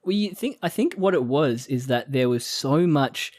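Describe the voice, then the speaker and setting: A woman's voice: rumbling low, expressive, normal speed, darkish tone, no echo, studio quality. A woman co-hosting a podcast, joking and swearing casually while recapping an anime episode. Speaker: podcast co-host.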